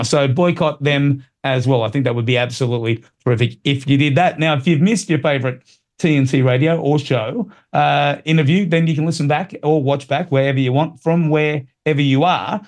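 A man's voice: a little high, normal speed, darkish tone. A man hosting a talk radio show, giving blunt, opinionated commentary and repeating his points.

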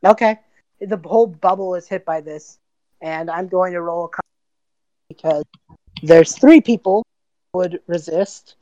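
A woman's voice: fairly low pitch, fairly even intonation, normal speed, darkish tone, dry recording, highs cut off. Casual woman game master. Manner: casual, rambling narration with fillers. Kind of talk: narrating a tabletop game.

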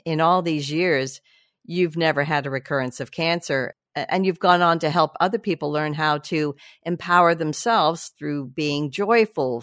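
A woman's voice: sits low, no echo, clean studio sound. A woman hosting an interview, earnest and reflective as she asks her questions. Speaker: interview host. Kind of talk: conversational interview.

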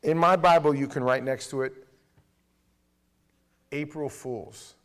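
A middle-aged male pastor preaching with an animated delivery, swinging his voice up and down. He jumps into the voices of people from his stories, and his tone sits a little high for a man. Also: a little fast, clear, resonant tone. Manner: animated, acts out quoted voices. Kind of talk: sermon.

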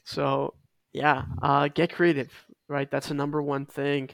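A man's voice: fairly high pitch, little pitch movement, normal speed, a bit bright, no room sound, studio quality. A man co-hosting a casual fitness podcast, talking with emphasis and repeating his key points. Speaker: podcast co-host.

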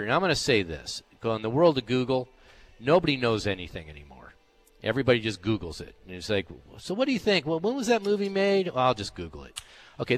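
A radio-studio golf show on sports radio is hosted by a man with a medium-pitched, slightly bright voice. He talks casually and with emphasis, rambling with fillers through both the ads and the chat.

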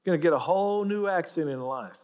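A man's voice: fairly high pitch, lively intonation, fast talker, darkish tone, in a large hall. A man with an Oklahoma accent preaching a sermon, folksy and joking as he teaches. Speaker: pastor.

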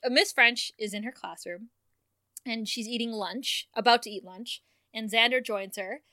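A woman's voice: a little high, moderate pace, bright, forceful tone, dry recording. A woman co-hosting a podcast, chattily recapping TV episode plots with frequent laughs. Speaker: podcast co-host. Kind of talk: casual recap chat.

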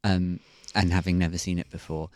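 A comedian guest on a podcast, chatting casually with wry asides. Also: male voice, deep voice, little pitch movement, a little fast, no room sound, clean studio sound. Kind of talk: casual chat.

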